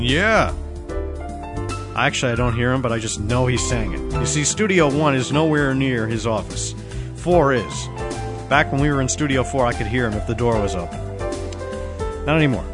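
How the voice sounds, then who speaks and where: A man hosting a smooth jazz web radio show, chatting casually between tracks with self-deprecating asides. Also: medium pitch. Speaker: radio DJ host.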